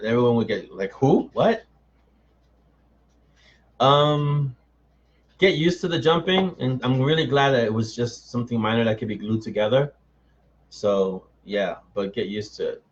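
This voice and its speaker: Middle-aged guy on a live stream, reading chat and joking around, kinda dull lo-fi audio. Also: medium pitch. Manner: chatty, answers viewers by name, self-mocking. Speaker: author hosting a live chat.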